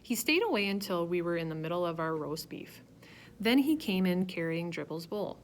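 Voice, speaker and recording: A woman reading a children's story aloud in a low-pitched voice. She tells it in a lively first person with animated swings of pitch. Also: moderate pace, a little hiss or hum. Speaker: reader. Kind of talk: storybook narration.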